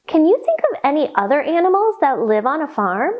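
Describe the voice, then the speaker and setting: A woman yoga instructor leading a children's yoga storytime, reading a picture book in a gentle, playful, instructive way. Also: sits high, very animated, fairly quick, muffled recording.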